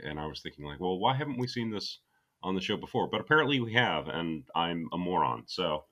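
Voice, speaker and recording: A man co-hosting a casual comedy podcast, talking in a deadpan, sarcastic way. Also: low-pitched, brisk. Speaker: podcast co-host.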